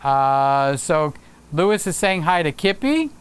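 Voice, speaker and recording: A man's voice: a little high, big pitch swings, measured pace, clean tone. A man hosting a casual livestream, chatting upbeat and reading viewer comments aloud with frequent fillers. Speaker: livestream host.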